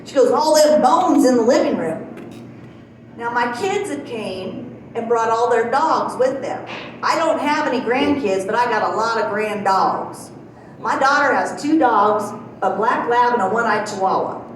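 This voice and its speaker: Recorded at a distance in a very echoey small club with faint noise, a middle-aged comedian works through a stand-up set of folksy tales, laughing at her own punchlines. She speaks at a moderate pace in a slightly high voice.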